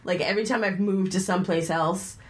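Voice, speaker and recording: A woman's voice: lowish voice, steady tone, brisk. A woman with a Boston accent, co-hosting a casual podcast chat in an upbeat, chatty way. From Boston area, USA. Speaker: podcast co-host.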